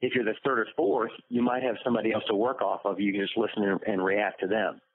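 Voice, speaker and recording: A man voice actor telling lively stories in an interview, acting out the quotes. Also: fairly low pitch, quick pace. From United States. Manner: lively storyteller, acts out quotes. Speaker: voice actor guest. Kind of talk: interview anecdotes. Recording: dry phone-like line.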